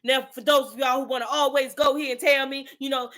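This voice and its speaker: A woman's voice: sits high, steady tone, fairly quick, fairly bright tone. A woman host delivering an impassioned motivational rant in a fiery, preachy manner. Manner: fiery, preachy, street-talking.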